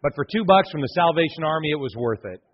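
A husky-voiced man in his forties preaches in a loose, joking way, telling stories and acting out the people in them. His voice sits a little high for a man. The recording is dull and muffled. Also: animated, fast. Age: 40s. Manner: joking storyteller, acts out voices. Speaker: pastor. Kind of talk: casual sermon. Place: church sanctuary.

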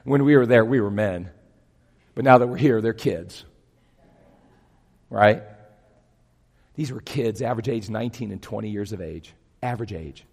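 A gravelly, husky-voiced man in his fifties preaching to a congregation. He acts out the voices in his stories and swings from loud bursts to near-whispers. His voice rings out through a church's long reverb. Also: lowish voice, normal speed, long pauses. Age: 50s. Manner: animated storytelling, acting out voices, big swings from loud to hushed. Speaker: pastor. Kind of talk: sermon.

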